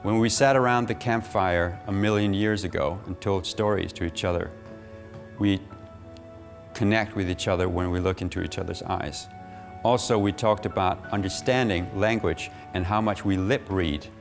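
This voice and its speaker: A man teaching a public speaking workshop, animated and laughing often. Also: low voice, normal speed, vocal fry, faint music behind. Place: workshop room.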